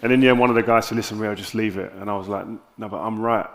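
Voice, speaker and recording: A man with a South London accent, an interview guest telling candid stories on stage with animated, lively quoted dialogue. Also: on the low side, very fast. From South London, England.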